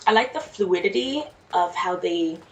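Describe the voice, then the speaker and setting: Recorded on a distant mic with faint noise, a woman chats casually to herself as she plays a video game, muttering and reacting in let's play style. She speaks at a moderate pace in a fairly low voice with lively intonation.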